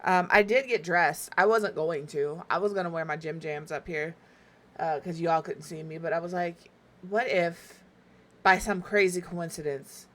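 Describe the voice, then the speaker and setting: Young woman streamer, bright voice, rambling casual chat, self-mocking. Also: fairly low pitch, normal speed. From Southern US. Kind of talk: casual chat while gaming.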